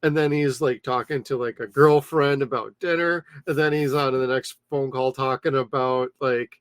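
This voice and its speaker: A man's voice: mid-range voice, steady tone, moderate pace, clear, resonant tone, no echo. A man co-hosting a casual podcast, talking eagerly with lots of fillers about a show he loves. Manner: enthusiastic, filler-heavy. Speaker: podcast co-host. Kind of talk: casual chat.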